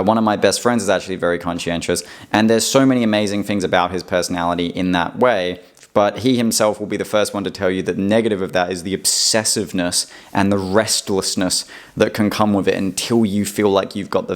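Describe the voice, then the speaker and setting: A man talking to camera in a casual, reflective personal monologue, rambling with many fillers and restarts. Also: lowish voice. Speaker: vlogger.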